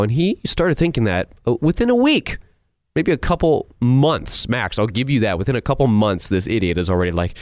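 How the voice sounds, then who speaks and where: A man hosting a movie review show, ranting in an animated, sarcastic and incredulous way. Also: fairly low pitch, a little fast, no echo, studio quality. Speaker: host.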